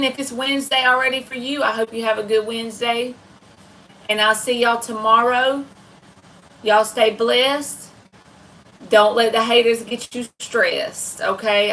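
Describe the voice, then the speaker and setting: A woman's voice: fairly high pitch, fairly bright tone, distant mic, poor audio. A woman from the American South with a Southern accent, hosting a casual late-night livestream and chatting folksily with her viewers. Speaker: livestream tarot reader host.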